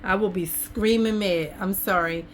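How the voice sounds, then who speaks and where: A woman's voice: medium pitch, fairly even intonation, unhurried, a little hiss or hum. Chatty woman showing craft buys. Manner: chatty, folksy, talks straight to viewers. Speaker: craft vlogger. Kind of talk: casual chat. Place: home craft table indoors. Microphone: camera on an over-table tripod.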